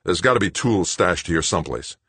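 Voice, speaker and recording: A man voicing a manic, vengeful male saboteur who shouts, roars and gloats. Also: low voice, lively intonation, fairly quick, breathy edge, no echo, full character voice.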